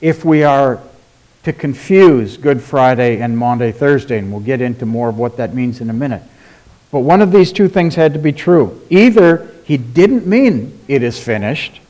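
A man preaching a sermon in a deliberate, emphatic way, asking rhetorical questions and dropping to a quiet voice for stress. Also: on the high side. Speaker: pastor.

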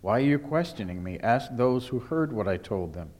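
A man reading scripture aloud and speaking the quoted words of Jesus in a calm, measured voice. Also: mid-range voice, natural voice. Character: calm, steady male teacher Jesus.

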